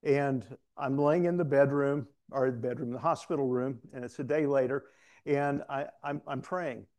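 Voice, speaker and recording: A man's voice: medium pitch, steady tone, moderate pace, darkish tone. A man, a preacher, giving a candid testimony to a room, storytelling with self-deprecating humor. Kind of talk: testimony sermon. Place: room with an audience.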